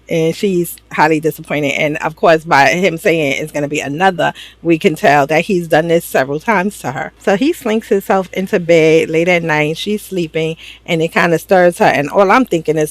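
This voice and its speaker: New lady gabbing about a show, lively and slangy, dry close sound. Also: deep voice, normal speed, hardly any pauses, no echo. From New York. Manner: animated, slangy, acts out characters' lines. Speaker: TV show recap host. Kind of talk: casual chat.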